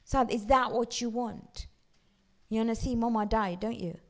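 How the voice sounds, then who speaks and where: A guilt-tripping mother, put on by a woman teacher, pleads with her son in a slow, needling voice. A gravelly grain runs through her words. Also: on the high side, close to an everyday voice.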